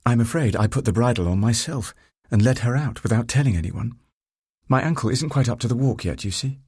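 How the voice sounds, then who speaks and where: A man voicing a lively, self-mocking young woman in an audiobook, lifting his voice higher and lighter. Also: fairly quick, breathy edge, dry recording, studio quality, close to an everyday voice. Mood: cheerful.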